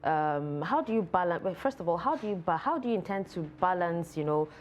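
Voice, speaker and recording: A woman's voice: fairly low pitch, expressive, brisk, a little hiss or hum. A woman, hosting a TV interview and asking hesitant questions full of fillers. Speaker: TV show host.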